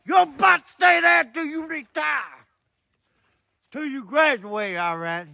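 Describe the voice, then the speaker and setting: A man talks in a very high, gravelly voice with a bright edge. He is indignant and blurts out his complaints while being interviewed as a fan. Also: big pitch swings, measured pace, no echo. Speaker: upset football fan in a clip. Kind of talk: emotional on-street interview.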